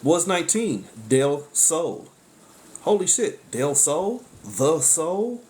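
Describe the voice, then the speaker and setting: A man's voice: on the high side, big pitch swings, slow pace, darkish tone. Blunt, profane man exclaiming constantly. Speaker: tarot reader. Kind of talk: casual spiritual monologue.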